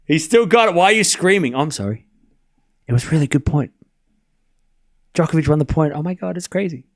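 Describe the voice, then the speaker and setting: A man streaming a tennis watchalong, calling every shot in rapid play-by-play and bantering teasingly with his chat. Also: fairly high pitch. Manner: rapid rally calling, bursts into excited shouting on big points. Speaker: live tennis watchalong commentator. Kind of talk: live stream play-by-play commentary.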